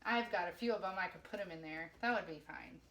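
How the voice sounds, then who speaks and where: A woman's voice: fairly low pitch, fast, a bit bright, slight background noise. Chatty woman cooking in her kitchen. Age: 40s. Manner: chatty, self-mocking, talks to viewers while working. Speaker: home cooking vlogger. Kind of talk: casual kitchen vlog. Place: home kitchen.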